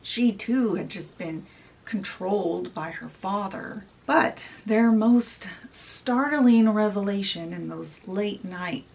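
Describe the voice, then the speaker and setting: A woman's voice: lowish voice, creaky. Woman, casual book summary vlog, chatty storytelling, slightly distant mic. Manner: chatty, storytelling, with fillers like "she's like". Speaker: book vlogger.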